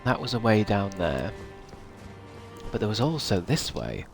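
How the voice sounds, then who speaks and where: A man's voice: on the low side, sing-song, measured pace, vocal fry, over music. A man live-streaming a game, chatting casually and rambling while swearing at what happens on screen. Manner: rambling, sweary, reacting to gameplay.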